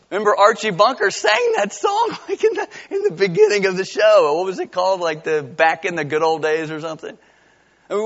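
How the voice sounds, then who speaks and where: A man's voice: sits high, wildly swooping pitch, brisk, fairly bright tone, big-room sound, lo-fi sound. A middle-aged man preaching a conversational sermon as pastor, building to emphatic peaks.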